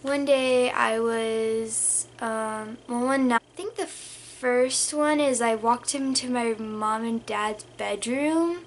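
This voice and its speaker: A young woman vlogger tells a storytime in a rambling, casual way, packed with "like" and sometimes dropping to a whisper. Her voice is a little high and slow, with few pauses and a faint hiss or hum in the background.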